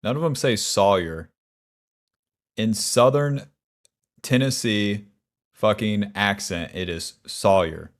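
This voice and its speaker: A man talks loosely through a gaming stream, his voice sitting on the lower side. He swears a lot and grumbles with dry humor. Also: expressive, slow, long pauses. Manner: profane, wry, grumbling. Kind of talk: casual gaming stream chat.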